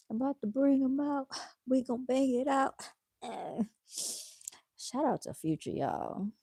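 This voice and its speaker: A woman's voice: medium pitch, mellow, dry recording. Tired woman, laid-back livestream host, dry close sound. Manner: chatty, reads viewer comments aloud; laid-back, addresses viewers as y'all. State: tired, yawning. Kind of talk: casual livestream chat.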